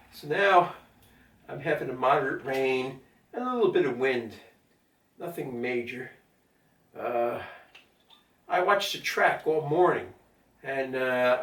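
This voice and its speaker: A man's voice: mid-range voice, a bit bright. Older man rambling at home. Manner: rambling, many fillers and asides to his cat. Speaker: vlogger. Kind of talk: casual rambling monologue. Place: at home during a power outage. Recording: roomy echo, mic at a distance.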